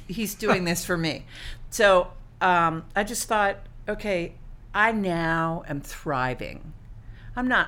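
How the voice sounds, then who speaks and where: A middle-aged woman with a slightly low voice tells her story to an interviewer. She is chatty and full of fillers, and she acts out the thoughts she had back then in quoted asides. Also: a bit bright. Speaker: guest, cancer survivor and swimmer.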